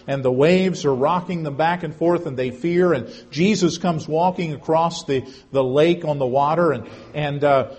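Husky, earnest preacher man. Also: fairly high pitch. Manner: earnest storytelling with emphatic swells and hushed drops. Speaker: pastor. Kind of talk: sermon.

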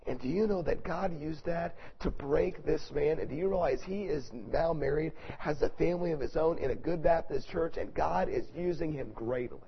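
Gravelly preacher guy, kinda husky, loud then hushed, dull lo-fi sound. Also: on the high side, moderate pace, few pauses. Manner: swings from loud preaching to soft, hushed storytelling. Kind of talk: sermon.

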